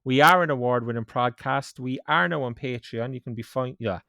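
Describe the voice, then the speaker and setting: A man with an Irish accent hosts a sports podcast in a relaxed, chatty way, poking fun at himself. His voice sits at an everyday middle pitch. The podcast mic is close and the room is dry, with no echo. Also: vocal fry. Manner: chatty and self-mocking, brisk headline read. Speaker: podcast host. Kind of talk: casual sports podcast chat.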